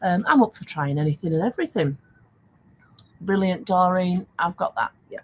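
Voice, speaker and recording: A woman's voice: fairly low pitch, animated, moderate pace, a little hiss or hum, low-quality recording. An older woman hosting a casual live stream, chatty and laughing often as she reads out viewer comments. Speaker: live stream host selling craft supplies.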